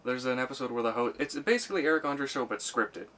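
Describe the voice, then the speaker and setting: Laid-back podcast co-host. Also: male voice, medium pitch, expressive, quick pace, pushed and bright. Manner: laid-back, laughs often, retells scenes. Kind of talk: casual chat.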